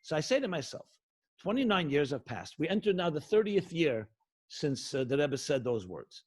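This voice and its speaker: A man's voice: fairly high pitch, big pitch swings, normal speed, darkish tone, breathy edge. A middle-aged man, a rabbi, giving an impassioned sermon with emphatic repetition and rhetorical questions. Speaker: rabbi teaching Jewish spirituality.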